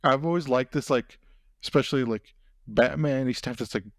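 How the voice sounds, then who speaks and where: Rambling through a casual podcast chat, the host leans heavily on fillers like "you know what I mean." He speaks a little fast in a mid-range voice, with studio-quality sound and no room echo.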